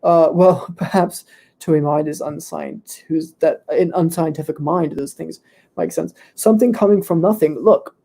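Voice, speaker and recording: A man playing a smug, pompous young internet debater who is hoarse and losing his voice, rattling off fallacy names with complete self-assurance. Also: on the high side, fairly even intonation, normal speed, warm tone. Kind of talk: comedic live Q&A role-play.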